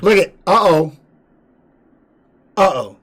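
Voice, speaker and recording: A man's voice: high voice, animated, slow, fairly bright tone. A man giving casual live-stream commentary on fight videos, blunt and profane, repeating words for emphasis.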